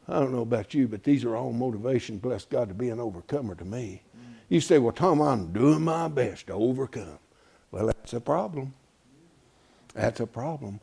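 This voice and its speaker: A man preaching a sermon in a folksy, animated way, with exclamations of praise. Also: on the high side, vocal fry. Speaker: pastor.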